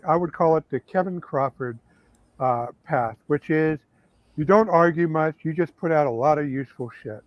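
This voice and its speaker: A man in a casual panel chat, reasoning his points out in a measured way. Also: on the high side, no room sound. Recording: dull dry lo-fi mic.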